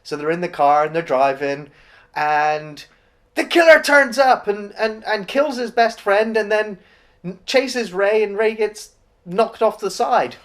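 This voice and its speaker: A man's voice: sits high, unhurried. A man co-hosting a casual film review podcast, chatting loosely and making fun of the characters. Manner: chatty, mocks characters in put-on voices. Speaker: podcast co-host.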